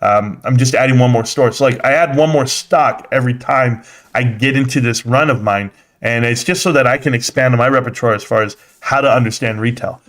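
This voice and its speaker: A man's voice: medium pitch, fairly quick, a bit bright. A young adult man hosting a casual livestream about stocks. He talks bluntly and animatedly, answers chat comments straight back, and laughs often.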